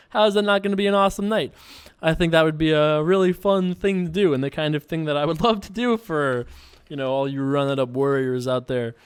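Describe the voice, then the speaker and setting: Casual male host, slightly high, smooth voice, rambling and laughing easily. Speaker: podcast host. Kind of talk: casual chat while playing poker.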